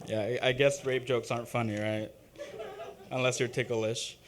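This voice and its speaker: A young man performing a halting, self-deprecating open-mic stand-up set, full of ums and uhs. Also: medium pitch, little pitch movement, noisy background. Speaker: stand-up comic. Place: open-mic comedy stage.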